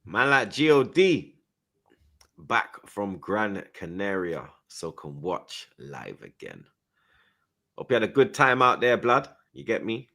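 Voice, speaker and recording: Low-voiced host, slang-heavy casual football stream chat. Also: male voice, big pitch swings, takes it slowly, fairly bright tone. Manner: London slang-heavy, says 'blood' and 'you get me' often.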